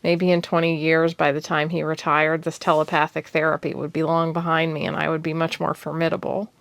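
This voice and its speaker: A woman's voice: low voice, flat delivery, brisk, gravelly, a bit bright, no echo. A woman reading the lines of a thoughtful young man, the blind heir of a magic-dealing family, in a level, reassuring way. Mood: steady.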